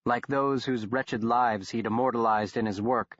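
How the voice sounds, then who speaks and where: Male horror audiobook narrator, steady, even delivery, dry, muffled studio sound. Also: medium pitch, moderate pace, dry recording. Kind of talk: scripted narration. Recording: dull, dry studio recording.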